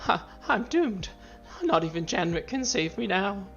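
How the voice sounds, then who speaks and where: A man's voice: high voice, lively intonation, slow pace, bright, forceful tone, highs cut off, soft background music, pitched above the performer's own voice, full character voice. A man voicing a terrified young male acolyte who stutters in panic. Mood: despairing.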